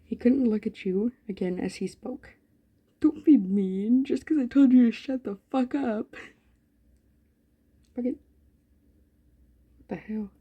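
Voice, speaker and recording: A woman's voice: a little high, slow pace, pauses often, breathy edge, lo-fi sound. A woman, a gaming YouTuber, reading a story game aloud with running commentary, giggling often and swearing freely. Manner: giggly, profane, frequent laughter.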